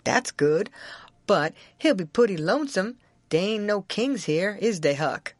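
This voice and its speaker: A woman's voice: mid-range voice, lively intonation, unhurried, no room sound. A woman voicing a stubborn, argumentative grown runaway man in a heavy rural Southern dialect, in an audiobook. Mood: puzzled, stubborn. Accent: Southern American.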